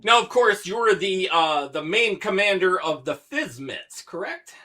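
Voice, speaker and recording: Slow, high, teasing male host. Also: lively intonation, bright, forceful tone. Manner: teasing, jokey interviewer. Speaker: podcast host. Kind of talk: casual podcast chat.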